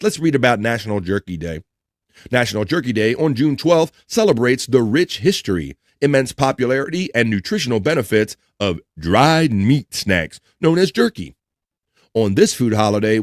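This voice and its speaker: A livestream host reads chat and food trivia aloud during a casual live stream, joking, laughing and tripping over his words. His voice is medium-pitched, and the sound is clean studio audio with no echo.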